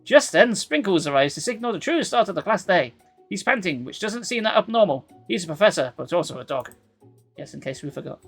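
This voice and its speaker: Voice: medium pitch, sing-song, a little fast, husky, soft background music. A streamer reading a dating game aloud live, dropping dry, sarcastic asides between the lines.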